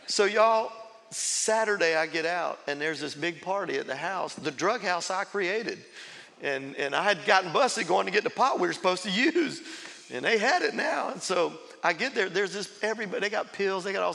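A man's voice: sits high, moderate pace, vocal fry, pushed and bright, in a large hall. A man, a pastor telling his testimony in a sermon, laughing as he tells the story and acting out quotes. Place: large church sanctuary.

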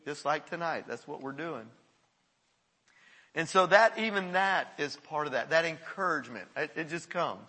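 A man's voice: fairly high pitch, lively intonation, normal speed, pushed and bright, slightly rough. A man preaching a sermon as pastor, earnest and encouraging, laughing often as he talks to the congregation. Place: church service before a congregation. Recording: long hall reverb.

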